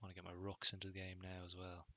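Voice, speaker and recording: A man casually commentating on his own chess game, thinking aloud in a relaxed, musing way. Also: low-pitched, fast talker, dull audio. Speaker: chess streamer.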